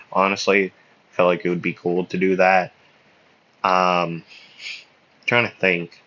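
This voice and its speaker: Male fan storyteller, slow and meandering, full of ums, lo-fi mic. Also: fairly low pitch, fairly bright tone. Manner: rambling, hesitant, many fillers and self-corrections. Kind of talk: casual spoken fan fiction. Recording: slightly muffled lo-fi audio.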